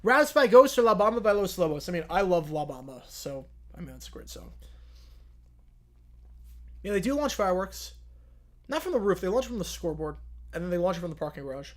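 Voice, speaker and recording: This young male streamer's high voice swings widely in pitch, runs a little fast, and includes long pauses. He's yawning and drowsy during a casual live Q&A with chat, rambling and correcting himself in a chatty way.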